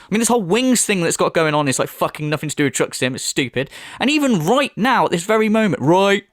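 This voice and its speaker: Sarcastic man, lively mocking voice. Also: sits high, fast talker, no echo, clean studio sound. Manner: sarcastic, swears heavily, mocks in put-on voices. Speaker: commentary video host. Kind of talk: sarcastic commentary rant.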